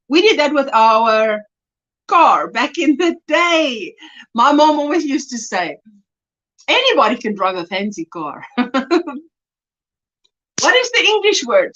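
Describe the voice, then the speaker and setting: Crocheting live, a woman from South Africa chats casually and reads viewer comments aloud, laughing frequently. Her voice is high-pitched and a little bright, and the livestream audio is lo-fi.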